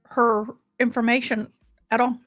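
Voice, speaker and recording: A woman with a somewhat high voice chats casually to her livestream viewers as she plays. The sound is close and dry, with faint game music underneath. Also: flat delivery, unhurried, fairly bright tone, no echo. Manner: chatty, addresses viewers directly. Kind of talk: casual livestream chat over gameplay.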